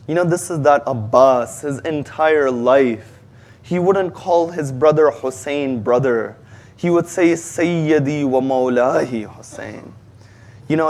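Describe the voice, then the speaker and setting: A man delivering a religious majlis sermon, telling the story with passion and quoting Arabic lines that he then translates. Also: on the high side. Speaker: majlis speaker.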